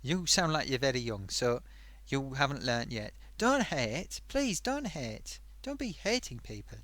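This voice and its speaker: Man voicing a talking sock host, mid-pitched, chatty and rambling, dry sound. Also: big pitch swings, unhurried, a bit bright, no room sound. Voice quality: rambling, hums to himself while reading. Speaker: live stream host. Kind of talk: live stream chat reading viewer comments.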